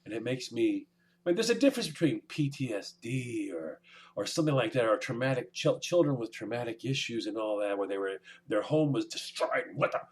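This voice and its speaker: A man's voice: medium pitch, big pitch swings, a little fast. A man co-hosting a casual podcast chat, joking and acting out mock dialogue. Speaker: podcast co-host.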